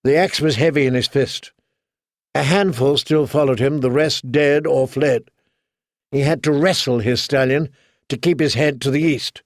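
A man narrating an audiobook in steady, dramatic storytelling. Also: mid-range voice, moderate pace, no echo, clean studio sound. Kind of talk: scripted narration.

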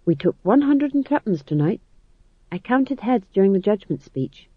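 A man's voice: high-pitched, very animated, moderate pace, dry recording, phone-quality sound. A man voicing a shrewd, money-minded young male actor in an audiobook reading. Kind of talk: audiobook narration.

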